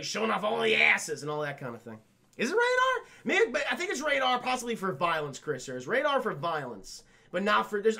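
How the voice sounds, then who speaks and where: Young guy streaming, rambly sweary movie recap to chat, high bright voice. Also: vocal fry. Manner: rambling, profane, keeps addressing the chat. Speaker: livestream film reviewer. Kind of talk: casual spoiler recap to live chat.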